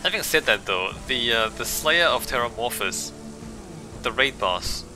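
Calm musing man over game music. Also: mid-range voice, a little slow. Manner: calm, musing, talks to himself. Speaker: gameplay streamer. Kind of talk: casual gameplay commentary.

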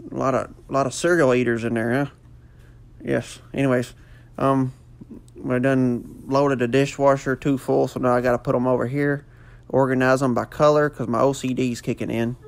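A man's voice: medium pitch, gravelly. A man doing a goofy, rambling comic voiceover full of fillers. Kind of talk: joking mock voiceover.

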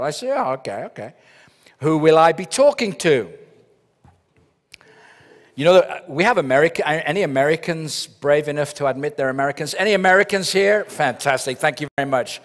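A middle-aged man delivers a humorous keynote in a large conference hall, telling stories that build to punchlines. His voice is a little high with lively intonation at a moderate pace, and the hall adds long reverb.

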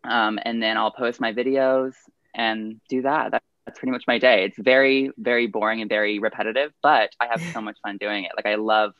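A young man from Texas with a Southern Texan accent, chatting eagerly and fast as a podcast guest. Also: fairly low pitch, steady tone, dry recording, lo-fi sound. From Texas, USA. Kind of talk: casual podcast chat.

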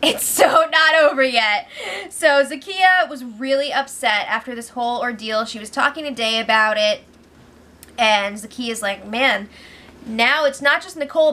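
A young woman hosting a casual recap, talking fast and gossipy, with laughing asides and quick quoted voices. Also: on the high side, pushed and bright. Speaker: host recapping a reality show.

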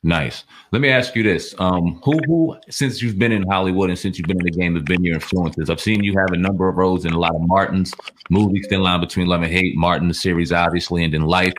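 A male host with a very deep voice asks his questions quickly, in a loose and slangy way. The talk is a casual interview. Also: slight background noise.

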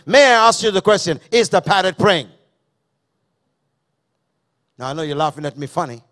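High-voiced pastor preaching emphatically. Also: male voice, normal speed, pauses often, fairly bright tone. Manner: emphatic, repeats key phrases, questions the congregation. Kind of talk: sermon. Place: church service.

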